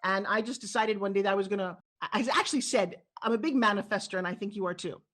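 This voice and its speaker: A middle-aged woman from New York with a New York accent, telling stories as an animated, emphatic interview guest. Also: medium pitch, fast talker. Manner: animated storyteller, lively and emphatic. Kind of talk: candid interview talk.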